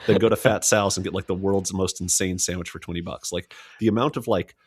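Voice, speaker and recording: A man's voice: low-pitched, fairly even intonation, fairly quick, husky. A man co-hosting a casual podcast, giving enthusiastic, joking restaurant recommendations. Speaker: podcast co-host. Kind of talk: casual chat.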